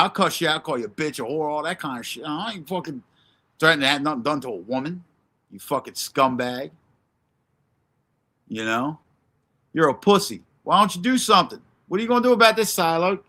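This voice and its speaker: Brash male streamer, bright edgy tone, a bit high, profane and combative while calling out rivals. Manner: brash, profane, confrontational, answers chat by name. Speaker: livestream host. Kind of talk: ranting livestream commentary.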